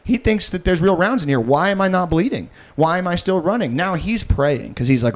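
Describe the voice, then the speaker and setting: A man in an improvised comedy bit, sliding into a low, creepy murmur as he spins a menacing monologue. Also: animated, a little fast. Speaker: podcast co-host.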